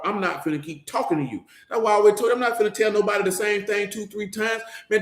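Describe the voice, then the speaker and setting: A man giving an informal Bible teaching in a conversational, slangy way, speaking straight to his listeners. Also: high voice. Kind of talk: informal sermon. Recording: roomy echo.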